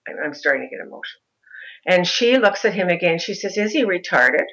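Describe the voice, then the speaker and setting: A middle-aged woman, a mother of a son with a disability, telling her story in an interview in an animated way. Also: lowish voice, fast, gravelly, low-quality recording. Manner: animated, mimics other voices in anecdotes.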